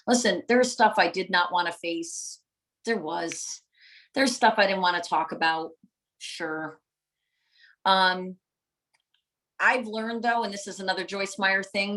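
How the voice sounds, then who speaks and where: Over a rough recording, a middle-aged motivational speaker and coach addresses viewers live in a mid-range, fairly bright voice at normal speed. Her delivery is passionate and preachy, and she repeats herself emphatically to drive each point home.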